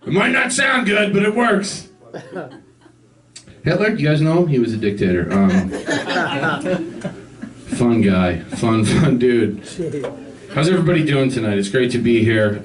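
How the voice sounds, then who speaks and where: A young man doing a stand-up set on a club stage, halting and full of ums, with deadpan asides. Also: on the low side. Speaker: stand-up comedian. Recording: distant mic with loud crowd.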